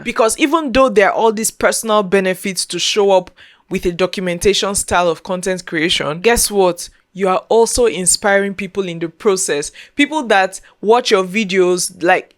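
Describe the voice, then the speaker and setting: In a mid-range voice at a moderate pace, a young woman who creates content and hosts a podcast talks sincerely to camera in a casual way. She keeps repeating herself from the heart, and the emotion builds until she's almost in tears.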